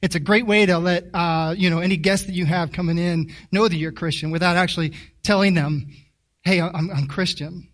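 A man's voice: high voice, steady tone, fairly bright tone, recorded from a distance. A man preaching a sermon in a chatty way, often repeating words and asking the congregation questions. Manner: halting, with many repeated words; conversational, asks the audience questions.

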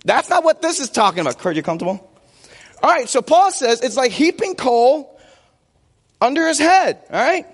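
Animated high-voiced male pastor preaching. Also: normal speed, long reverb tail. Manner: playful, jokes with a volunteer on stage. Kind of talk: sermon. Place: church.

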